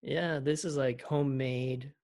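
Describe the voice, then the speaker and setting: A man's voice: mid-range voice, steady tone, unhurried, a little mellow. A man co-hosting a casual podcast from home, rambling with lots of fillers. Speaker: podcast co-host. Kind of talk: casual chat.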